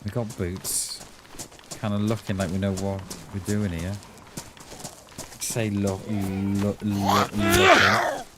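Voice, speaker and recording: A man's voice: fairly low pitch, flat delivery, takes it slowly, long pauses. A middle-aged man chatting casually to viewers while streaming a game, calling them "mate" and often restarting his sentences. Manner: chatty, says "mate" a lot, many restarts. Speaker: livestream gamer. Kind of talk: casual livestream chat. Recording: faint background noise and clicks.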